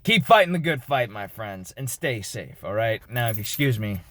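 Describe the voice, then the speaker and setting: A man in a casual vlog, talking in a soft, relaxed and rambling way, recorded outdoors near traffic. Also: lowish voice, moderate pace, dry recording. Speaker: vlogger.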